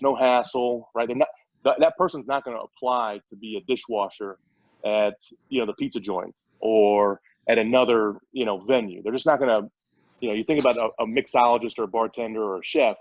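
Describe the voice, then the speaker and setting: A man's voice: mid-range voice, brisk, no echo. A man speaking as a startup CEO guest in a casual interview, eager and explaining at length with frequent restarts. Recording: dull, dry lo-fi audio.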